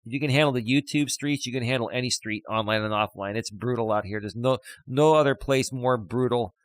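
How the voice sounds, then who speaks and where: A man's voice: medium pitch, fairly quick, no echo, poor audio. A middle-aged man hosting a live stream as a life coach, chatting casually and reading viewer comments aloud with lots of fillers. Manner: rambling, reads chat comments aloud, frequent fillers.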